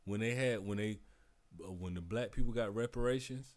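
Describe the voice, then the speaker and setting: A man's voice: lowish voice, a little fast. A man co-hosting a podcast, giving his opinions in casual chat. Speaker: podcast co-host.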